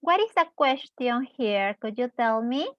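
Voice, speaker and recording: A woman teaching an English class at a very slow, careful pace, stretching each word. Her voice sits a little high for a woman. The recording is dry and slightly dull, with the highs rolled off. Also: animated, fairly bright tone, no echo. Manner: switches between Spanish and English, asks the class questions and praises them. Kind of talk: slow, deliberate classroom explanation.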